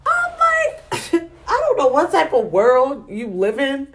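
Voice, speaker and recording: A woman hosting a podcast, telling a story in a casual, slangy and animated way, often laughing. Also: sits high, unhurried. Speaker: podcast host.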